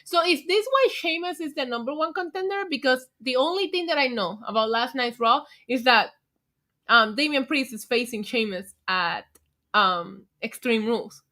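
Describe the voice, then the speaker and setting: A woman's voice: sits high, animated, moderate pace, pushed and bright. A young woman with a New York accent hosting a casual livestream, tipsy and chatty, laughing often as she reads the chat. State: drunk. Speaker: livestream host.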